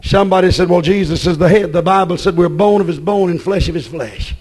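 A man preaching a sermon as pastor, excitable and breaking into shouts. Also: sits high, brisk, slightly rough.

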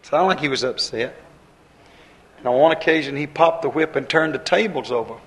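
A man's voice: fairly high pitch, normal speed, poor audio. A man preaching a sermon in a folksy, conversational way, repeating his phrases and using plain, homespun grammar.

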